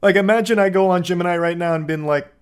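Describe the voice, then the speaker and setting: A man's voice: high-pitched, quick pace, smooth. A man giving casual commentary on a news story, dry and wry, swearing and cracking jokes along the way. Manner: dry, wry delivery laced with profanity and jokey asides. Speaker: commentator host.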